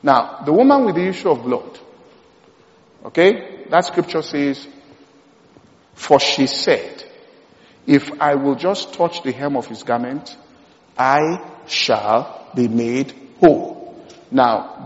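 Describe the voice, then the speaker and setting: A man preaching a sermon, emphatic, repeating key phrases and swinging between loud and hushed delivery. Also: medium pitch, animated, takes it slowly. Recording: dull sound in a long-reverb hall.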